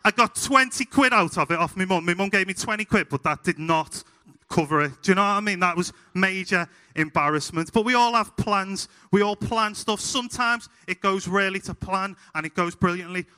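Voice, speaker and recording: A young man with a Scouse accent from Liverpool, preaching a sermon told through funny, animated stories. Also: sits high, normal speed, smooth. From Liverpool, England. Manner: humorous, animated anecdotes. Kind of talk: sermon with storytelling. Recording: hall reverb.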